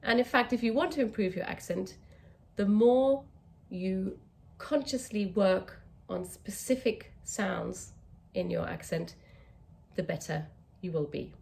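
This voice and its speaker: A woman's voice: mid-range voice, unhurried, gravelly, darkish tone. A woman with an English accent, a communication coach teaching to camera, stretching out key words for emphasis.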